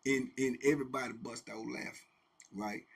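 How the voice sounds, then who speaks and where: A middle-aged man casually telling a prison story, animated, with sound effects and quoted voices. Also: medium pitch, moderate pace, vocal fry, husky. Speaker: host telling prison stories.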